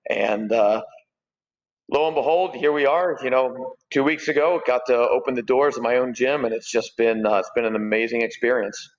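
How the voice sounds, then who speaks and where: A man in his forties tells his story as a podcast guest, rambling along with plenty of fillers and restarts. His voice sits at a middling pitch. The sound is dull and rings with a long reverb. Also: fairly even intonation, normal speed. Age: 40s. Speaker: gym owner and guest. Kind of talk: casual podcast conversation.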